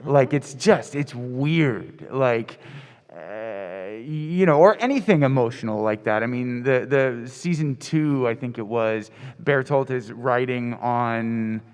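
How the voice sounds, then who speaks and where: A man's voice: mid-range voice, animated, slow, darkish tone, clear, resonant tone. Thoughtful man, hesitant, in a hall. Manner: thoughtful, hesitant, many ums and restarts. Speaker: voice actor on a convention panel. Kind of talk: reflective panel talk. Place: convention panel room. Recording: reverberant convention hall.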